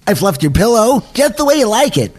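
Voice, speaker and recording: A man voicing an excitable male cartoon rabbit who chatters eagerly and giggles. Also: brisk. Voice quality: high, cartoonish, bouncy.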